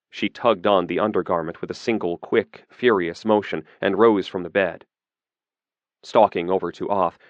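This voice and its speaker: A man reading a fantasy audiobook in a steady, measured narration. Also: low voice, no room sound.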